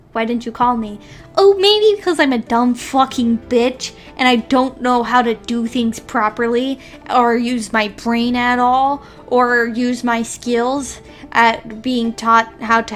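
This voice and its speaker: A woman's voice: on the high side, fairly even intonation, takes it slowly, faint music behind. Sarcastic, swearing young woman gamer. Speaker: gaming YouTuber. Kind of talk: profane visual novel commentary.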